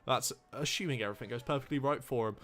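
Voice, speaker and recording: A man commentating live sim-racing qualifying, teasing his co-host in quick banter. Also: mid-range voice, a bit bright. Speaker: esports race commentator.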